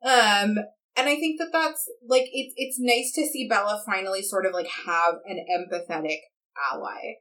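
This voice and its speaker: A woman's voice: medium pitch, moderate pace, a bit bright. A young woman co-hosting a podcast in a mid-range voice. She talks in a chatty, playful way, slipping in dry asides as she goes. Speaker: podcast co-host. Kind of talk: casual podcast chat.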